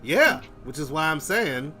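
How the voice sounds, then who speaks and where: A man's voice: a little high, sing-song, a little slow, bright, forceful tone. A young man chatting casually on a live stream, joking around and drifting into mock voices. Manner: jokey, breaks into silly sung bits and mock voices. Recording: music playing behind the voice.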